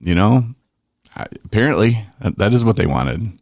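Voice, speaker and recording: Low, gravelly-voiced man telling stories. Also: expressive, moderate pace, a little mellow, no room sound, studio quality. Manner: laid-back, chuckling, acts out quotes. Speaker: podcast host. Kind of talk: casual podcast storytelling.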